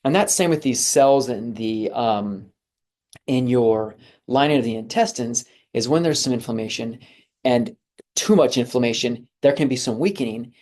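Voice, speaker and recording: A physician presenting health slides to viewers in a relaxed, conversational way, with frequent fillers and restarts. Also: male voice, medium pitch, moderate pace.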